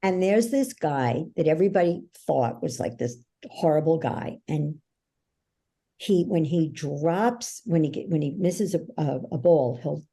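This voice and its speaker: A woman with a mellow, warm tone speaks as a guest coach on a podcast. She tells stories in an animated, emphatic way. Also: low-pitched, measured pace, slightly rough. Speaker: guest, belief-change coach. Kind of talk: conversational interview.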